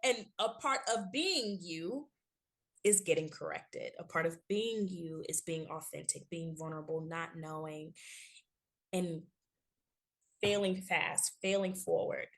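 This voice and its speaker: A woman in her thirties, a workplace trainer, answering in an interview with lively, emphatic repeated phrases and frequent laughter. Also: fairly low pitch, a little slow. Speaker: guest, workplace HR consultant and trainer.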